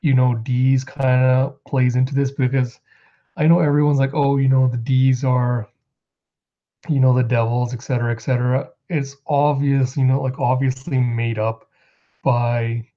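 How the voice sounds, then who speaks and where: A man casually recapping comic chapters as a show host, rambling and acting out character lines in quick put-on voices. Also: mid-range voice, flat delivery, mellow, highs cut off. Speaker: manga reviewer.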